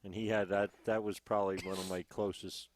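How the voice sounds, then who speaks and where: Deep-voiced man telling a story. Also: flat delivery, brisk. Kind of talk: casual chat. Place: MMA gym cage.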